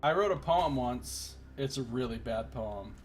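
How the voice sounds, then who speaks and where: A man's voice: medium pitch, expressive, unhurried, faint music behind. Rambling, joking man streaming a game. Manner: rambling, joking, exasperated rants. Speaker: let's play streamer. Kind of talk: gameplay commentary.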